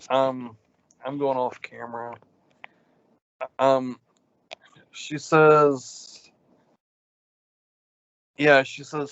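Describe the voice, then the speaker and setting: A man's voice: medium pitch, very slow, pauses often, clean tone. A man, co-hosting a casual podcast, telling rambling stories full of ums. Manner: rambling, animated storyteller with lots of ums. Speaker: podcast co-host. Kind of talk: casual chat, storytelling rants. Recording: dull, lo-fi sound.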